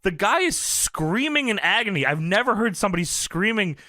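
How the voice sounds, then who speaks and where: A man's voice: high voice, moderate pace, no room sound, clean studio sound. Laughing, swearing man retelling wrestling. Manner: laughs a lot, swears freely, animated retelling. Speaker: podcast co-host. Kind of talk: casual chat recapping wrestling, doing quick impressions.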